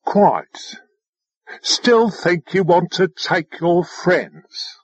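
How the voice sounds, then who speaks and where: A man voicing a smooth, dryly sardonic machine drone in an audiobook. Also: sits high, animated, extremely slow, no room sound, highs cut off, exaggerated voice. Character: dry-witted ship drone, a machine, unflappable. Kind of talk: audiobook character voice.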